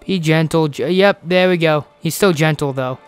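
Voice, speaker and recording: A man's voice: fairly high pitch, moderate pace, clean tone, soft background music. A young man hosting a let's play, swearing and exasperated as he comments on the game. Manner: profane, exasperated, animated. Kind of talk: gaming commentary.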